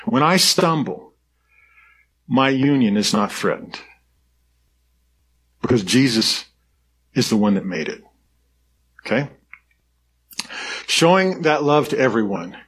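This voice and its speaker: A man's voice: medium pitch, sing-song, slow, pauses often, breathy edge. A man pastor giving an earnest, conversational sermon, often restarting his sentences. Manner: conversational and earnest, with frequent restarts and soft laughs.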